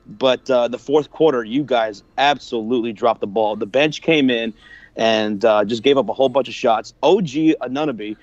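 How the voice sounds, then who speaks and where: A friendly man calls into a sports stream and walks through the game in a relaxed way. His line sounds dull and dry, without room sound. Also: medium pitch, moderate pace, dry recording. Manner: friendly, relaxed, says man and brother a lot. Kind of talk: casual sports analysis.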